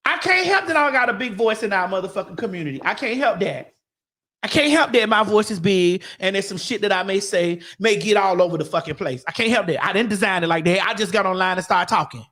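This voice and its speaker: A woman from Miami-Dade hosting a morning talk show, telling a story in a blunt, profane, animated way. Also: medium pitch, quick pace. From Miami-Dade, Florida.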